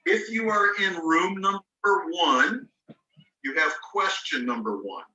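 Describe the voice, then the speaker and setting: Over a video call, a man teaches spelling rules step by step with patience, spelling out words letter by letter. His high voice is animated and unhurried, bright and forceful. The sound is lo-fi and roomy, with the mic placed far away.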